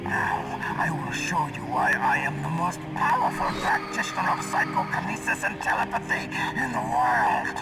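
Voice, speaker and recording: A theatrical psychic villain, slight Russian accent. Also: male voice, high voice, very animated, moderate pace, creaky, hardly any pauses, exaggerated voice, low-quality recording. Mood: taunting. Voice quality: sweeping sing-song delivery with hushed whispers. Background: loud game music.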